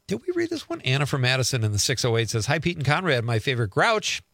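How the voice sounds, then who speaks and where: Chatty male radio host, lively pitch. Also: no room sound, clean studio sound. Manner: chatty, reads texts aloud and riffs on them. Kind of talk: casual radio chat reading listener texts.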